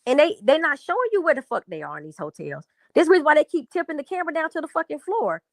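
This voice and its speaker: A woman co-hosting a live stream, telling a long story in a rambling, profane, animated way. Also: sits high, fast talker, no echo. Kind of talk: casual storytelling.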